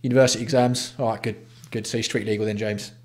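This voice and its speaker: A man's voice: on the low side, fairly even intonation, quick pace, darkish tone. Sweary, blunt man chatting on a livestream. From England. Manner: blunt, sweary, banters with chat. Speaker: livestream host. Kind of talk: casual livestream chat.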